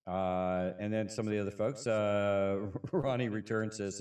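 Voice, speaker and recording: A man co-hosting a casual podcast, reading a list and chat comments in a relaxed, halting way. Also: lowish voice, recorded from a distance. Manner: relaxed, halting, frequent restarts and laughs. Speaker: podcast co-host.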